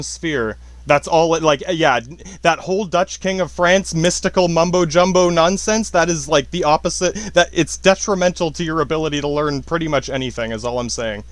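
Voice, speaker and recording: Profane rambling man, high voice. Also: no echo. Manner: profane, self-deprecating, frequent apologies and laughs. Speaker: podcast host. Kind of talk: rambling casual monologue.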